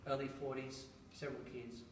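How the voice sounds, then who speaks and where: A man's voice: medium pitch, level tone, fairly quick. A middle-aged man giving a public talk on parenting, telling anecdotes with chuckles and rhetorical asides. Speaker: speaker on parenting, school educator. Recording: roomy, distant, noisy room recording.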